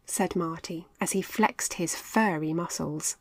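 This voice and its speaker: A woman narrating a children's story in an expressive, clear reading voice. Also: on the low side, no room sound. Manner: lively, expressive, slow and clear.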